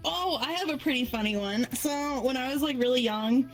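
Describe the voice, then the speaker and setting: A woman's voice: high voice, normal speed, over music, rough recording. A woman telling casual stories in a social VR game, cursing freely and laughing as she talks. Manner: swears freely, laughs through her stories. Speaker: guest answering questions. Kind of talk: casual storytelling. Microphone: headset in a social VR game.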